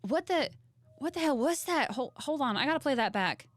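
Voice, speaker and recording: A woman voicing an excitable young woman who hunts cryptids and films them. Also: high voice, normal speed, dry recording. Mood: excited.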